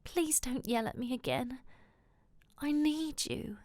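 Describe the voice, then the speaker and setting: A woman voicing a mysterious, fragile young woman in a soft whispered role-play. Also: high voice, takes it slowly, dry recording, voice pushed up. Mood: frightened.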